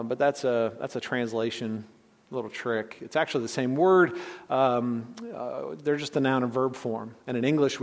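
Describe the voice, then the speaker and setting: A man's voice: mid-range voice, big-room sound. A man preaching an expository sermon in a conversational teaching way, often checking in with "right?" and restarting his sentences. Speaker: pastor.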